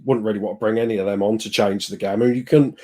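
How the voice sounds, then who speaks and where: A man co-hosting a football podcast, talking in an animated, exasperated way and thinking out loud. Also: fairly low pitch, racing. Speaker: podcast co-host. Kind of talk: casual football chat.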